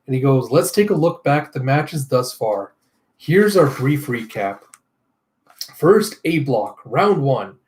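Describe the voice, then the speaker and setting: A man's voice: medium pitch, sing-song, takes it slowly, darkish tone. A man voicing a male TV battle moderator, reading out match results in announcer style. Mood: announcing.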